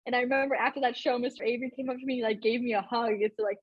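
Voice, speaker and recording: Chatty young woman, breathy voice. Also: on the high side, flat delivery, fast talker, no room sound, highs cut off. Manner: chatty, lots of fillers and laughs. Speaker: podcast host. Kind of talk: casual chat.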